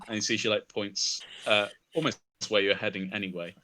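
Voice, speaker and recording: A man narrating as game master of a tabletop game, halting with frequent fillers. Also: on the low side, steady tone, sharp tone, a little hiss or hum. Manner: halting, many fillers, laughs easily.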